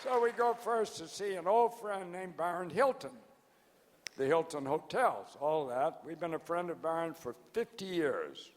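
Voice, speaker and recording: Speaking to a crowd in a large event hall, a founder in his nineties who is hard of hearing rambles through a folksy, joking anniversary speech and keeps losing his place. His high voice is a little slow with lively intonation, and faint crowd noise carries in the room.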